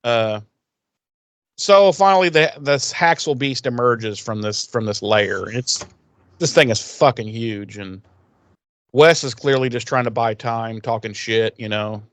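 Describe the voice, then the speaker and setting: A man at middle pitch talks straight into a close mic in a dry, deadened room. He recaps a TV episode loosely, swears freely and drops into quick voiced impressions of the characters. His delivery is animated and rambling. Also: no room sound. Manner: profane, animated retelling with voiced quotes. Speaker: podcast co-host.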